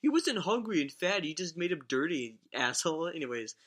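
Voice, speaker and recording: A man's voice: a little high, big pitch swings, a little fast, fairly bright tone. A young man telling stories on a casual podcast, rambling and swearing, often laughing as he talks. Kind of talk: casual storytelling chat.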